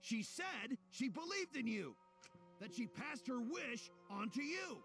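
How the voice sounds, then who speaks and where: A brash, hot-headed young hero in a video game, with a very high, gravelly voice that leaps wildly in pitch. He talks gruffly and picks fights, with game music under him. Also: big pitch swings, measured pace, full character voice. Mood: urgent. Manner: gruff, shouting, confrontational.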